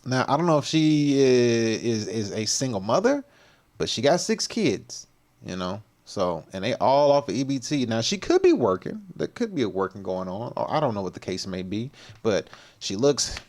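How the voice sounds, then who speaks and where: Male livestream host, relaxed and slangy, lively pitch, commenting off the cuff. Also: normal speed. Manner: loose, slangy, talks to the viewers and reacts as he goes.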